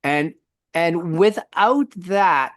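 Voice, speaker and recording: A middle-aged man co-hosting a faith podcast, telling a story in a lively conversational way with frequent restarts. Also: high-pitched, extremely slow, dry recording, studio quality. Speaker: podcast co-host.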